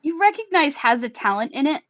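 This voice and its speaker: A woman's voice: high-pitched, big pitch swings, brisk, fairly bright tone. Giggly woman running a tabletop game. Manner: giggly, casual with many fillers. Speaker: game master. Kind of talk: narrating a tabletop role-play. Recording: slightly muffled recording.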